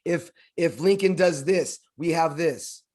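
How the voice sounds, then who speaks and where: A man co-hosting a casual podcast, telling history in an emphatic, drawn-out way with many restarts. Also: on the high side, darkish tone. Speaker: podcast co-host.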